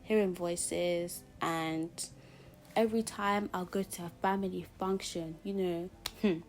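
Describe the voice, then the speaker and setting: A woman's voice: on the low side, steady tone, measured pace. A young woman from Zimbabwe, talking casually and openly as a vlogger, with many "like"s, and addressing her viewers as guys. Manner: casual, fills speech with "like" and talks straight to "guys". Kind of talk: candid personal storytelling. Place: at home, doing her makeup.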